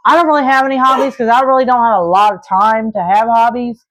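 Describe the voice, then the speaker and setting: A woman's voice: fairly high pitch, steady tone, fast talker, fairly bright tone, a little hiss or hum, low-quality recording. A woman in her thirties from Arkansas, answering viewer questions in an earnest, rambling, casual way. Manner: earnest and rambling, with many restarts and fillers. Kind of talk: casual Q&A chat.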